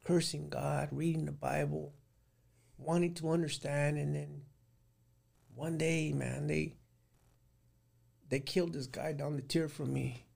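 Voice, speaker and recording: A man's voice: a little high, steady tone, measured pace, gravelly, pauses often, darkish tone. A middle-aged man recounting his life in a casual interview, plain-spoken and rambling, with many restarts. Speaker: guest recounting prison life.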